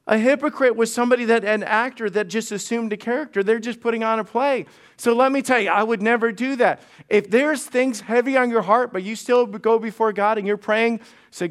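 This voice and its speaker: A male pastor with an extremely high-pitched voice preaches at a moderate pace. His sermon is conversational and humorous, built on storytelling, with frequent restarts and repeated words.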